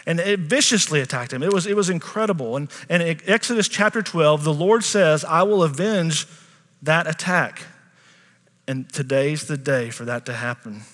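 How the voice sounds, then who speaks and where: A man's voice: on the high side, lively intonation, brisk, few pauses, fairly bright tone, in a large hall. A middle-aged man preaching a sermon in a church in a conversational way, with asides and questions to the congregation. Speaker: pastor.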